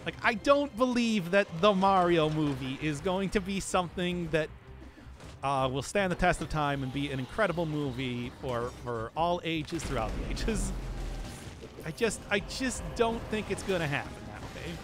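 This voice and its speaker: A chatty male game streamer with a high, very lively voice that leaps around as he talks. He rambles, restarts his sentences and laughs often, with faint game music playing underneath. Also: moderate pace. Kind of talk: casual live-stream chat while playing.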